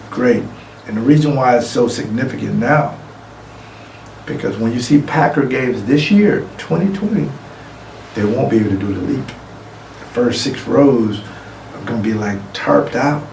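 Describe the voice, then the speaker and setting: Gravelly man telling a story in an echoey room. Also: medium pitch, normal speed. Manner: lively anecdote-telling, acting out other voices. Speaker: award honoree. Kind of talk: acceptance speech with storytelling. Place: room, recorded for a virtual gala. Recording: echoey room, distant mic, faint noise.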